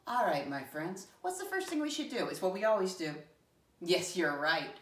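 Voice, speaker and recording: A woman teacher giving a lesson to young children, encouraging and slow, spelling words letter by letter and asking many questions. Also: lowish voice, big pitch swings. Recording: echoey room from far off.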